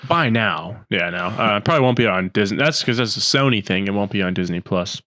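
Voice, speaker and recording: A man's voice: lowish voice, bright, forceful tone, no echo, studio quality. A man co-hosting a casual podcast, rambling with lots of filler words and laughing easily. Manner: easygoing, rambling, quick to laugh, filler-heavy. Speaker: podcast co-host.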